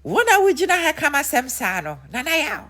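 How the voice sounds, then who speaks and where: A woman imitating a lofty male singer who answers in a slow, drawn-out, grand way. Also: sits high, sing-song, a bit bright, pitched above the performer's own voice. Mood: lofty amused. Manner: drawn-out, mock-grand inflection.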